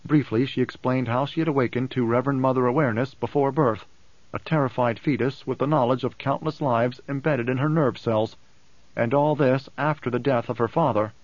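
A man narrating a novel in a steady, even storytelling manner. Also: medium pitch, fairly quick, dry recording, lo-fi sound. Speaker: audiobook narrator. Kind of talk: scripted narration.

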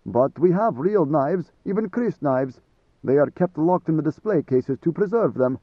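A man voicing a servile, whining village elder in an audiobook, slow and wheedling, querulous when offended. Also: on the high side, no echo, narrow, tinny audio, natural voice. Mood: eager pleading.

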